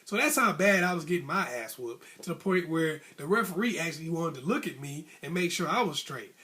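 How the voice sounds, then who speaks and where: A man's voice: fairly high pitch, fairly quick. A man hosting an advice channel, casually telling a story to camera and acting out the other people's voices. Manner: animated, acts out voices of coach and referee; casual, colloquial speech.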